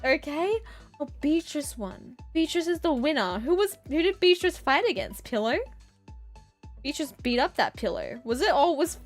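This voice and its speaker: A woman's voice: high voice, very animated, normal speed, soft background music. A young woman streaming as an artist, chatting casually and giggling while she draws, with playful, melodramatic outbursts.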